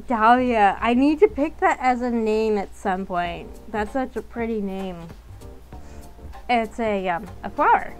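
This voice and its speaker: A young woman talking casually over her game, chatty and rambling, her thoughts broken up with plenty of ums. Her voice sits fairly high, and she sounds relaxed and conversational. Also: unhurried, faint music behind, rough recording. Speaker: game streamer. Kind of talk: casual chat while playing a game.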